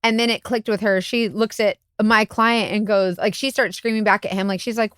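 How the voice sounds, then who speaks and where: Lady PI on a podcast telling a story, super animated, dry close sound. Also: fairly quick, few pauses, no room sound. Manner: animated, acts out quotes with big pitch jumps. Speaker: podcast co-host, private investigator. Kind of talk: casual storytelling chat.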